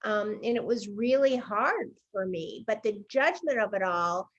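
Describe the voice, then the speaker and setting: A woman's voice: medium pitch, measured pace. A woman in her sixties hosting a casual interview, candid and a little rambling. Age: 60s. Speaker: show host. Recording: somewhat dull, lo-fi sound.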